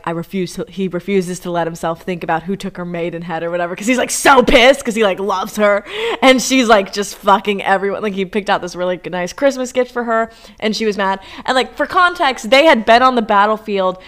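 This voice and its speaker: A young woman co-hosting a podcast, gushing as she retells book scenes in casual chat, swinging from hushed to loud, with lots of fillers. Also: medium pitch, fairly quick. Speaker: podcast co-host.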